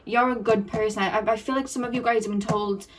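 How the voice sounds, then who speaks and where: A woman's voice: medium pitch, fairly even intonation, a little fast, recorded from a distance, slight background noise. A woman giving an emotional, earnest tarot reading to her viewers, repeating phrases and getting teary. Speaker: tarot card reader.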